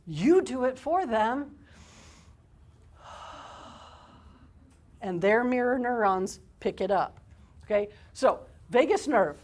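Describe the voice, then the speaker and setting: A woman speaking to a workshop crowd, her voice sitting a bit high and her delivery unhurried. She talks with lively energy and laughs often, drawing listeners in as she explains. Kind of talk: live workshop talk.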